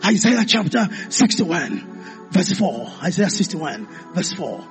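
A man preaching a sermon, calling out to the congregation and rising into impassioned shouts. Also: sits high, very animated, takes it slowly, over music.

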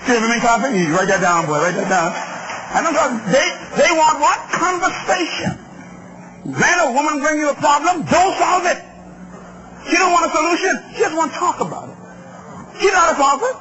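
Emphatic preacher, male, very high pitch, muffled recording with noise. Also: normal speed. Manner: emphatic, call-and-response with the crowd. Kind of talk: sermon on relationships.

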